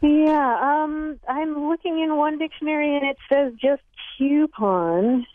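A woman's voice: sits high, level tone, moderate pace, a little hiss or hum. A woman language expert answering callers on a radio talk show, thoughtful and hesitant with many ums. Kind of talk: call-in radio chat. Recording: thin phone-like line.

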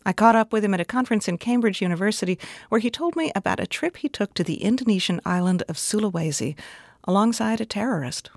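A woman's voice: mid-range voice, expressive, no room sound. Woman interviewer, dry close sound. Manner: measured, summarizing questions. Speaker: interviewer, host. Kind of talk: broadcast interview with a scripted intro.

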